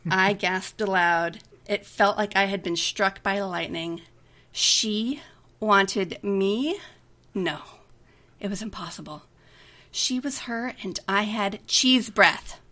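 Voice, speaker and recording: A woman's voice: mid-range voice, slow, sharp tone. A woman reading a romantic comedy aloud in a chatty way, giggling often between lines. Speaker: story reader.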